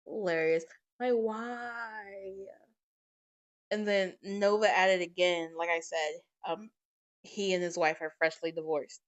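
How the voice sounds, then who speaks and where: A woman hosting a podcast, telling family stories in a casual, animated way and swearing freely. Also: lowish voice, slow pace, dull audio. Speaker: podcast host. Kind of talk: casual storytelling monologue. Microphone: podcast microphone.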